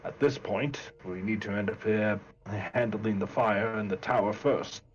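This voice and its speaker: A man's voice: fairly low pitch, close to an everyday voice. A man playing a stern dutiful lawman. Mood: resolute. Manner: formal, measured, solemn. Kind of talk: tabletop role-play in character. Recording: muffled lo-fi mic, faint music.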